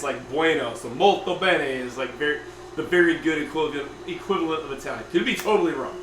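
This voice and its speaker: A man with a bright, forceful voice hosts a home cooking stream, chatting loosely and reading out viewer comments. He sits back from the mic, and his kitchen rings with echo. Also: a little high, slight background noise. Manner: chatty, reads out viewer comments, lots of fillers. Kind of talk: casual live-stream chat. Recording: echoey room, mic at a distance.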